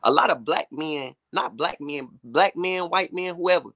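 Man, interview guest, candid, street talk, bright, dry sound. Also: a little high, a little slow, no room sound. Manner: candid, says "you know what I'm saying" a lot. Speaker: gospel hip hop artist guest. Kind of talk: casual interview chat.

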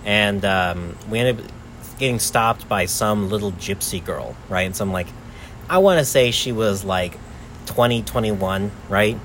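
A man's voice: lowish voice, a little slow, a bit bright, a little hiss or hum. A young man and podcast host telling a travel story in a rambling casual way, full of "like" and "right?".

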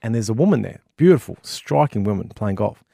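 A man with an Australian accent co-hosting a gaming podcast, telling a joke in a lively, hyped-up way. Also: lowish voice, brisk, creaky, no echo, studio quality. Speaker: podcast co-host. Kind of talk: casual chat, joke telling.

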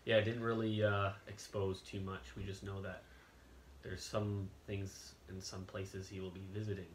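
A man's voice: low-pitched, little pitch movement, moderate pace, roomy sound, a little hiss or hum. A young man hosting a podcast in casual chat, easygoing and curious, asking his co-host questions.

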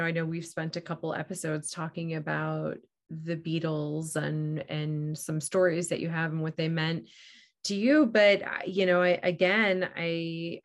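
A woman co-hosting a podcast with her father, chatting casually and encouraging him. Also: lowish voice. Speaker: podcast co-host. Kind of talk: casual chat.

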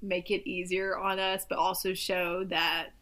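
A woman's voice: on the low side, level tone, measured pace, a bit bright. A woman talking casually about a movie, rambling and restarting sentences with lots of "like". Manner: rambling, self-interrupting, lots of "like". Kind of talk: casual chat reviewing a movie.

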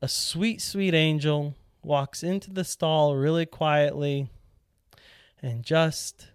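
A young man telling a casual, animated story as a powerlifting vlogger, acting out his own past lines with sudden excited jumps in voice. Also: takes it slowly, smooth, no echo. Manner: animated, quotes himself in excited high voice.

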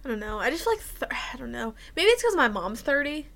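A woman's voice: sits high, a little fast, vocal fry. A young woman co-hosting a podcast, chatting bluntly and with a lot of profanity, acting out the exchanges she describes. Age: young adult. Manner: blunt, profane and animated, acts out quoted exchanges. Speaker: podcast co-host. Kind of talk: casual chat.

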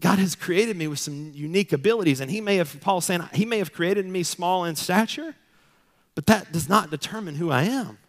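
A man's voice: sits high, moderate pace. A man in his thirties preaching a sermon as pastor, emphatic and repetitive, building to fervent declarations. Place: church sanctuary. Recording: long reverb of a large hall.

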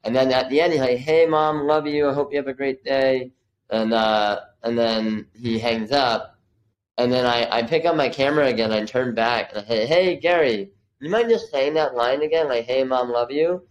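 A man's voice: medium pitch, normal speed, rough recording. A man in his thirties, a podcast guest and videographer, telling a story casually and acting out the quotes, with many "like" fillers.

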